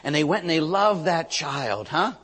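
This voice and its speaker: Husky priest preaching in a reverberant hall. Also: male voice, fairly high pitch, very animated, moderate pace, fairly bright tone. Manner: storytelling, acts out quotes, asks the audience "Huh?". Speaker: Catholic priest. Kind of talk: preaching sermon.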